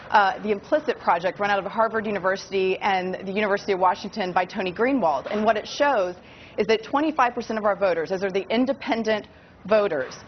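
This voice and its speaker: Woman explaining her side on a news panel, earnest, mid voice, slightly muffled audio. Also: medium pitch. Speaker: political commentator guest. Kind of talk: cable news debate. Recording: slightly dull broadcast audio with faint noise.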